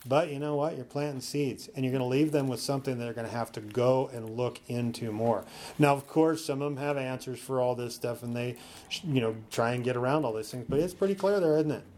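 A man's voice: medium pitch, dark tone, slight background noise. Conversational man teaching a sermon. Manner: conversational, coaching listeners with frequent "okay?" check-ins; slows down to read scripture aloud.

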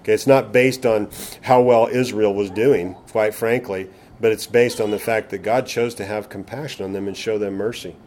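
A man's voice: on the low side, fairly even intonation, moderate pace, a little mellow, a little hiss or hum. A middle-aged man preaching a Bible teaching sermon, conversational, asking rhetorical questions and checking in with "okay?". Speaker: pastor.

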